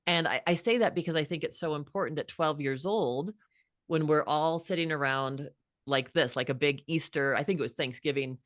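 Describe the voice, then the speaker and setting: A woman's voice: deep voice, normal speed, no room sound, studio quality. A woman in her fifties, a guest author, telling a personal story in an earnest, reflective way with frequent restarts. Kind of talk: heartfelt storytelling.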